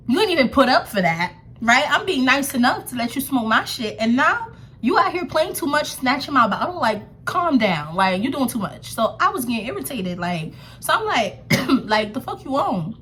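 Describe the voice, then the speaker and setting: A young woman tells a story in a slightly high voice, sassy and animated. She is full of slang and fillers. A faint low rumble sits behind her. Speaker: storytime vlogger. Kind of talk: casual storytelling to camera.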